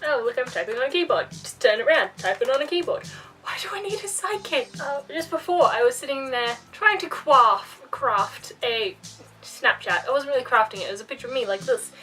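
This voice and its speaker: A young woman in her twenties vlogging at home, ranting in an animated, profane way with mocking asides. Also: sits high, brisk, distant mic, soft background music, low-quality recording. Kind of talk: casual ranting vlog. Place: home room by a bookcase.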